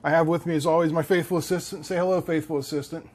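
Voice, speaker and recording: A man's voice: a little high, steady tone, fast, a little mellow. A man hosting a hobby channel, talking casually through a build while joking and thinking aloud. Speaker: electronics hobby channel host.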